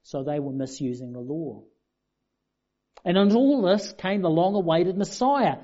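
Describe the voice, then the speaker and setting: A man's voice: on the high side, animated, a little slow, dark tone. A man preaching a sermon in a conversational, self-deprecating way. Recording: dull lo-fi sound.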